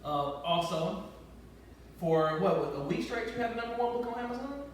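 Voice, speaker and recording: A man's voice: high-pitched, lively intonation, moderate pace, a little hiss or hum. A man hosting a casual group talk, joking and stumbling over his words as he introduces a guest. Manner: joking, loose, repeats words. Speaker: podcast host. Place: barbershop. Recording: echoey room, mic far off.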